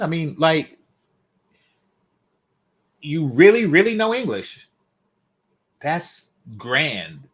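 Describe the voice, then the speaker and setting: A man's voice: medium pitch, fairly bright tone. A man hosting a commentary video, mocking and sarcastic, swearing freely as he reacts. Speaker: commentary channel host.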